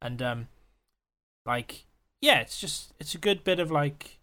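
A man's voice: on the high side, lively intonation, slow pace, bright, forceful tone. A young man co-hosting a casual podcast chat, rambling, laughing often and swearing freely. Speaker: podcast co-host.

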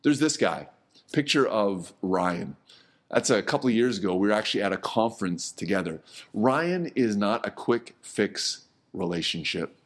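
A middle-aged man gives a sermon in a low voice. He talks like he is chatting with the congregation, repeats himself now and then, and lets his voice sink quiet on the words he wants to stress. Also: lively intonation, normal speed. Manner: conversational, repeats words, drops low and soft on key words. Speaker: pastor.

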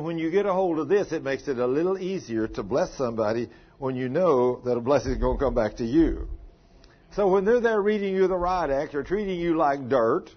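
Husky man preaching a sermon. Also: medium pitch. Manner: emphatic, rising and falling with storytelling. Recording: dull lo-fi recording.

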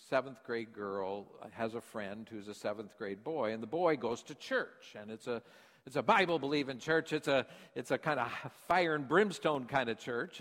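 Older pastor telling a story. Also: male voice, medium pitch, fairly bright tone. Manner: storytelling, folksy, asks the congregation questions. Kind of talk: conversational sermon. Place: church sanctuary. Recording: long church hall reverb.

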